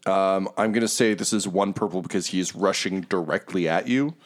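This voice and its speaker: Deep-voiced man running a tabletop game. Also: a little fast. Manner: hesitant, full of ums and uhs. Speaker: game master.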